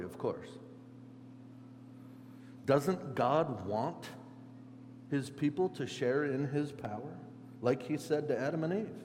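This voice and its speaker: Man preaching a sermon, mid-pitched, animated with loud emphasis, long echoey hall. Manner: animated, shifts between loud emphasis and quiet reflection. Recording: echoey hall with faint hum.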